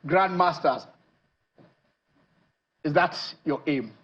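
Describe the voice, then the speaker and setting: A man from Nigeria hosting a TV sports show, lively and rambling, with lots of fillers and restarts. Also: on the high side, slow pace, breathy edge, lo-fi sound. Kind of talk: TV sports show chat and interview. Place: TV studio.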